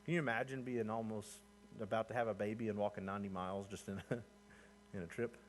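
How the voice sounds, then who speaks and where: A man's voice: steady tone, a little fast. Conversational preacher man, faint hum. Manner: conversational, rising in pitch and energy as he builds points. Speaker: pastor. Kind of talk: sermon.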